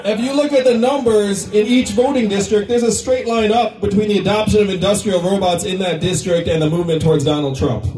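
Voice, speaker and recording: Candidate at a rally: a man with a high voice, chatty and joking with the crowd, caught from a distant mic. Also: steady tone, fairly quick, hardly any pauses, a little mellow, roomy sound, a little hiss or hum. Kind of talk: campaign rally speech. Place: political rally venue.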